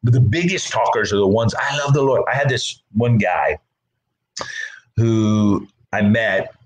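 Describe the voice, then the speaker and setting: A man's voice: on the low side, unhurried, rough recording. A middle-aged man pastor giving a casual Bible talk, conversational, often repeating words and acting out the people he quotes.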